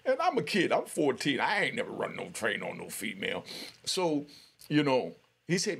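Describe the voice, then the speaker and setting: A man's voice: medium pitch, wildly swooping pitch, normal speed, vocal fry, fairly bright tone, breathy edge. A middle-aged man hosting a podcast, telling a long personal story and often breaking off with "you know what I mean" and short laughs. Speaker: podcast host. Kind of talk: storytelling monologue.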